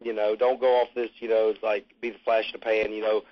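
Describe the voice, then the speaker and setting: On a muffled lo-fi recording, the band musician talks quickly in a lowish, level voice. He rambles easily through the interview, dropping casual swear words.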